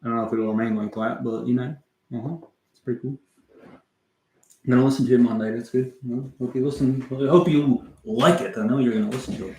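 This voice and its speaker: Brisk and steady, this man's darkish mid-range voice carries through an echoey room as he chats on a music livestream. His talk rambles and drifts, with casual swearing and running replies to his chat.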